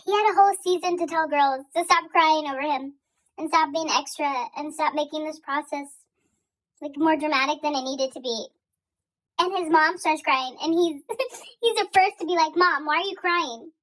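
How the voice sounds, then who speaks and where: A woman's voice: sits high, normal speed, fairly bright tone. A young woman chatting casually into her phone, reacting to a TV finale, giggly and exasperated, full of likes and y'alls. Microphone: phone held at arm's length.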